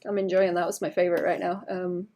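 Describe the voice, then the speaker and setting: A woman's voice: fairly low pitch, level tone, fast talker, warm tone. A woman from Wales chatting casually on a livestream while she draws, thinking aloud with frequent restarts and fillers. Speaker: artist streaming while drawing.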